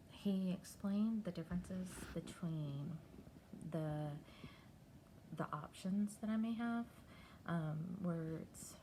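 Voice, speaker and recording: A middle-aged woman from Texas, talking candidly and haltingly in a personal video diary. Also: on the low side, dark tone, slight background noise, poor audio. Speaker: vlogger.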